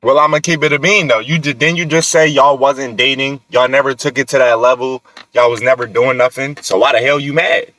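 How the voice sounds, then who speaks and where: A man's voice: medium pitch, fairly even intonation, fairly quick, pushed and bright, dry recording. A man giving casual, joking, slang-heavy reaction commentary. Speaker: reaction host.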